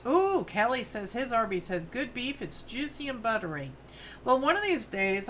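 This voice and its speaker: A woman's voice: fairly high pitch, fairly bright tone, a little hiss or hum. Chatty New York woman in her fifties. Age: 50s. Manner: chatty, rambling, friendly asides to viewers. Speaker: craft livestream host. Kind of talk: casual chat while crafting, answering viewer comments. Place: home studio on a farm.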